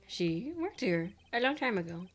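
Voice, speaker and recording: A woman voicing a pompous, evasive old male lawyer from a video game, stuffy and formal, clearing her throat. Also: medium pitch, big pitch swings, moderate pace. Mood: proud. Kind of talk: reading game dialogue aloud.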